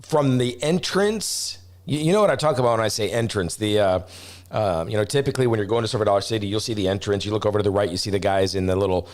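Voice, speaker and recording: A middle-aged travel vlogger with a lowish voice talks fast while casually telling a story, rambling and starting over, and gets animated when he acts out voices.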